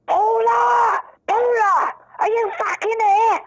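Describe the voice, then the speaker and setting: A woman imitating a gruff, impatient male prisoner who bellows and swears. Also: extremely high pitch, fairly even intonation, takes it slowly, a faint crowd, voice pushed up. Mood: bellowing. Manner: shouting, swearing. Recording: dull lo-fi dry recording.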